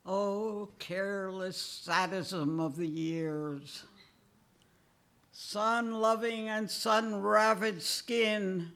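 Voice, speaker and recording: An older woman poet giving a poetry reading, deliberate and measured, with chuckles between poems. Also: medium pitch, vocal fry, a bit bright.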